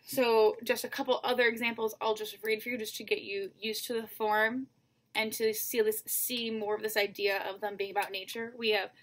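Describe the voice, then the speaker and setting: A woman's voice: fairly high pitch, level tone, moderate pace. A woman teacher giving a recorded lesson, patiently counting syllables one by one and speaking straight to her students. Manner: addresses students directly.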